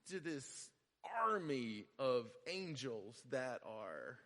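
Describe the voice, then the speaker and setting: A male pastor giving a conversational sermon, repeating phrases and building to loud emphasis. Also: mid-range voice, big-room sound.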